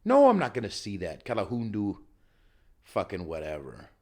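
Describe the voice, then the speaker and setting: A man with a fairly low voice rants through a solo podcast, swinging his pitch widely from grumbling asides to loud outbursts. He swears constantly and riffs freely. He is getting over a cold, with a slight cough in his voice. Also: wildly swooping pitch, moderate pace. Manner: profane, ranting, riffing. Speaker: podcast host. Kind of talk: solo comedic podcast rant. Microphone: filming himself on camera.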